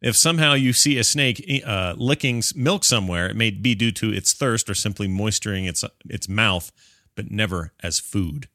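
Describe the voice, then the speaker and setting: Bright-voiced man hosting a podcast. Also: fairly low pitch, moderate pace, dry recording, studio quality. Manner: rambling, self-interrupting, reads answers aloud. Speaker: podcast co-host. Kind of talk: casual chat.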